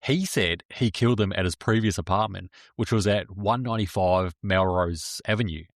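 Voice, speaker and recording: A man's voice: low-pitched, moderate pace, no echo, studio quality. A man co-hosting a true crime podcast, telling the story casually, swearing and joking. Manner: swearing, joking, laughs often. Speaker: podcast co-host.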